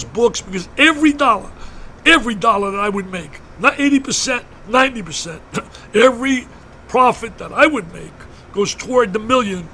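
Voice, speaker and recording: A man's voice: high-pitched, pushed and bright, slight background noise. An older man, a broadcaster being interviewed, telling a story emphatically and fervently, repeating words for force. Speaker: interview guest, basketball broadcaster. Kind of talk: emotional storytelling in a radio interview.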